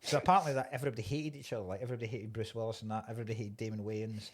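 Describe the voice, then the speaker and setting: A man's voice: lowish voice, fairly even intonation, racing, husky. A man co-hosting a podcast, chatting casually and animatedly about a film and swearing freely. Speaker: podcast co-host.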